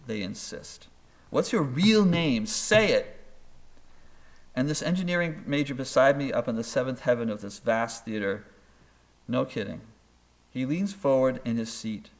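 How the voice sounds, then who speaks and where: Man giving a wry storytelling lecture. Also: medium pitch. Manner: wry, anecdotal, emphatic repetition. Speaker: author and professor giving a lecture. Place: school auditorium.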